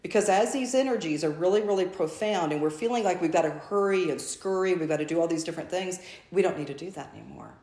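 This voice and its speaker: A woman's voice: fairly low pitch, fast, mellow, echoey room. A woman channeling a spiritual message to a group, speaking as a collective "we" in a repetitive, effusive way.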